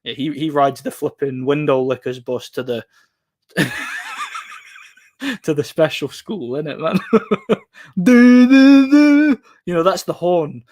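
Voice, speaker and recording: A man's voice: fairly high pitch, huge pitch swings, slow, pauses often, no echo, studio quality. A tired man with an English Midlands accent hosts a livestream, reading chat and chatting casually in a rambling way, laughing often and repeating his words.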